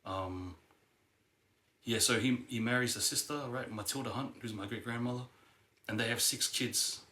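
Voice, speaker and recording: A man's voice: medium pitch, steady tone, normal speed, bright, forceful tone. A young man telling a family history story casually, rambling and hesitant, with many fillers and restarts. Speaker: vlogger. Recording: echoey room.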